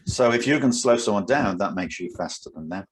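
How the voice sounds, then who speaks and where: A man's voice: lowish voice, lively intonation, brisk, a little hiss or hum. A British man in his sixties, a martial arts instructor co-hosting a podcast, chatting casually and laughing often as he tells stories. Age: 60s. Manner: chatty storyteller, laughs often, acts out quotes. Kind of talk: casual chat.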